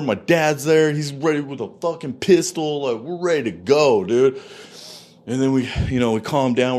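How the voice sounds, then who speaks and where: A man telling his own story in casual speech, swearing freely, animated and laughing often. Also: medium pitch.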